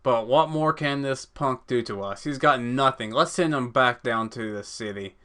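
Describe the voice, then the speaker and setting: A man reading out an uneasy adult male criminal accomplice with a rough, dismissive manner. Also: mid-range voice, moderate pace, bright, forceful tone, natural voice.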